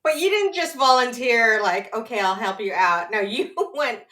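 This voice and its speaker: Woman, high and bright voice, teasing podcast co-host, laughs easily. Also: lively intonation, moderate pace. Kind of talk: casual chat.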